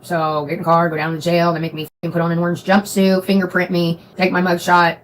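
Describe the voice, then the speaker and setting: Profane storytelling woman, quick talk. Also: lowish voice, little pitch movement, a little hiss or hum, poor audio. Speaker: livestream host. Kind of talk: casual storytelling to viewers.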